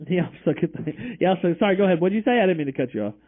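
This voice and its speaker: Easygoing guy host, pretty high voice, reads chat off the screen, sounds like a phone call. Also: sing-song, fast talker. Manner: easygoing, reads viewer messages aloud. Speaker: debate show host. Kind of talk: moderating a live debate stream. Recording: tinny call-quality audio.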